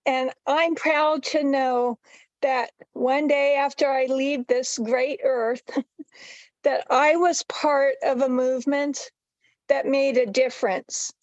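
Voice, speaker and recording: A woman's voice: sits high, steady tone, slow, no echo, lo-fi sound. A woman giving an emotional, heartfelt testimonial as a participant on a video-call webinar.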